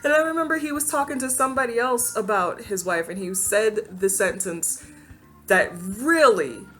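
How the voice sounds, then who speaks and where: A woman vlogger hosting her own channel, telling a personal story to camera in a casual, expressive way, laughing often and acting out what people said. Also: medium pitch, normal speed, soft background music.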